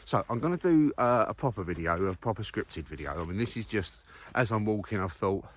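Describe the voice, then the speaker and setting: Walking outdoors on a muddy countryside path, a male vlogger chats casually, thinking aloud with plenty of fillers and restarts. His voice is lowish, expressive, and fairly quick.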